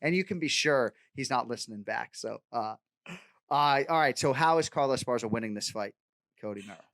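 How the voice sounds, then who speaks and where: A man's voice: mid-range voice, brisk, fairly bright tone, no echo. Guy hosting a fight podcast, playful and a bit sweary, dry close sound. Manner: playful, swears casually, reads betting odds. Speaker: podcast host. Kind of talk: casual sports podcast chat.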